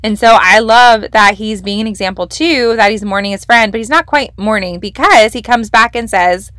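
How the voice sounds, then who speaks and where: A woman's voice: fairly high pitch, moderate pace, a bit bright, no echo, clean studio sound. Enthusiastic woman teaching scripture. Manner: enthusiastic, conversational, emphatic. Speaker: podcast host leading a devotional. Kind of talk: casual Bible teaching.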